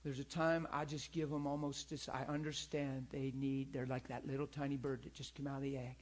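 A man teaching in a church in an animated, earnest way, often asking his listeners to agree with him. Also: fairly quick. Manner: animated, acts out people in high pleading voices; earnest, repeats himself, asks listeners for agreement. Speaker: pastor and teacher.

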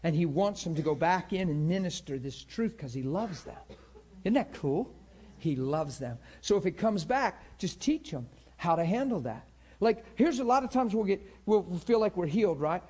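A middle-aged man teaching a class on healing in a loose, animated sermon style, acting out the people he quotes. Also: high voice, moderate pace, breathy edge. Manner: animated storytelling, acts out quotes in voices.

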